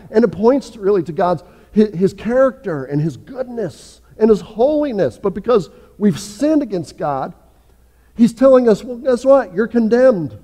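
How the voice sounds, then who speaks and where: A male pastor preaching a sermon earnestly, rising in force and then dropping low and soft. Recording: long church reverb.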